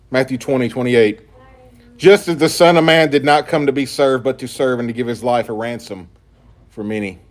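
A man preaching a sermon and reading scripture aloud in an emphatic style. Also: medium pitch. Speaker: pastor.

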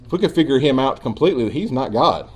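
A man preaching a sermon as pastor, earnest and emphatic, dropping at times into quiet asides. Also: medium pitch, expressive, fast talker, breathy edge.

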